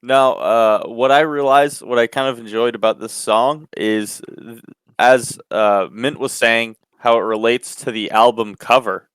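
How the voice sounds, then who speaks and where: Smooth-voiced playful man on a podcast. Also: medium pitch, fairly even intonation, measured pace, a bit bright, no room sound. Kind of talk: casual podcast chat.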